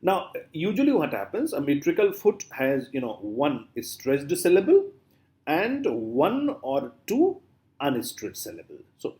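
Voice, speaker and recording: A middle-aged man giving a classroom lecture, often stopping to say example words slowly and filling pauses with "uh". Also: a little high, wildly swooping pitch, a little mellow. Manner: repeats example words slowly, many fillers. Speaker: literature lecturer. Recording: echoey room.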